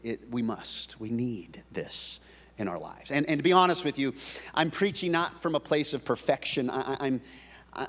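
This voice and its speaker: A man preaching a sermon as pastor, folksy and joking, often stumbling and restarting his words. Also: medium pitch. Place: church sanctuary. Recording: long reverb of a church hall.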